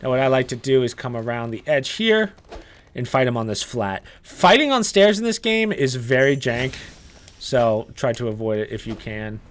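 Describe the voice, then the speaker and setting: A young man giving casual gameplay walkthrough commentary, relaxed and chatty, with frequent "uh" and "um" as he explains each step. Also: mid-range voice, moderate pace. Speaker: gaming guide creator.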